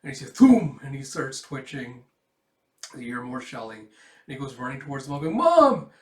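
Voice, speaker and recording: A man's voice: medium pitch, steady tone, fairly quick, warm tone. A man hosting a manga reaction, reading and reacting to a comic in a rambling way. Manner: rambling, with restarts and "it's like". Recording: echoey room.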